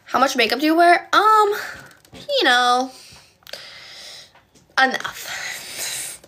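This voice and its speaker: Speaking very slowly, this young adult from Poland has a high, bright, forceful voice with lively intonation. On her phone live stream she replies to viewer comments in valley-girl style, frequently stuttering.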